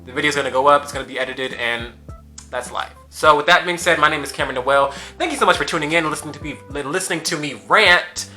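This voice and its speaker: Sharp-voiced sassy male commentator. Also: a little high, quick pace, faint music behind. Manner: emphatic, sassy, repeats rhetorical questions. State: mouth swollen after wisdom teeth removal. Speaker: YouTube commentator. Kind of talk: ranting social media commentary.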